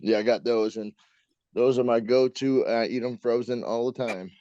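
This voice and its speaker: Laid-back male co-host, rambling and halting, dull lo-fi sound, dry room. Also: medium pitch, fairly even intonation, dark tone, no room sound. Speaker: podcast co-host. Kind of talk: casual podcast chat.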